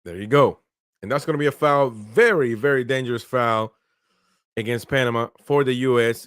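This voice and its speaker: A man's voice: medium pitch, moderate pace, fairly bright tone, smooth, no echo, studio quality. A man hosting a live football watchalong, calling the play casually and answering viewers' chat. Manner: casual play-by-play, talks to viewers, laughs often. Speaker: watchalong host. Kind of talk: live match commentary and chat reading.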